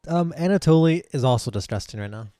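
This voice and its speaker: A man runs a tabletop game in a casual, halting way, laughing between lines. His voice sits a bit high and is recorded close and dry. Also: lively intonation, mellow, no echo. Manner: casual, hesitant, giggly. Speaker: game master.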